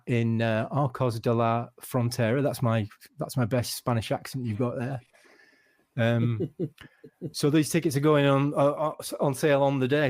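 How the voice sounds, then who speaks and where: A man hosting a casual football podcast, wry and halting with many restarts. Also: mid-range voice, darkish tone, dry recording, clean studio sound. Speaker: podcast host.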